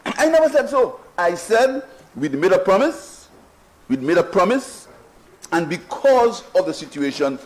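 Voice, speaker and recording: A man's voice: fairly high pitch, darkish tone, poor audio. A man with a Saint Lucian accent giving a rebuttal speech in a parliamentary debate, emphatic and mocking, often repeating his phrases. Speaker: prime minister in parliament. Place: parliament chamber.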